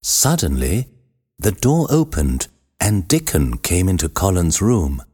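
A man reading a children's storybook aloud as narrator, measured and expressive, with a husky voice. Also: deep voice.

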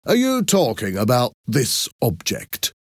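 A man reading an audiobook and voicing a calm, businesslike police detective. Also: medium pitch, a little slow, dry recording, studio quality, voice pushed up. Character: firm, polite male police detective.

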